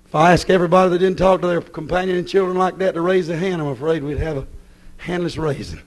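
A man preaching a sermon, folksy and scolding, swinging between shouts and low, hushed asides. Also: quick pace.

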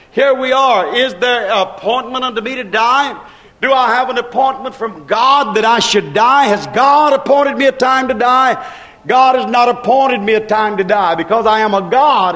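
A man preaching a sermon in a rhythmic, repetitive cadence, drawing out his stresses and rising to shouts. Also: very high voice. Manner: preaching with slow, drawn-out stresses and shouted peaks.

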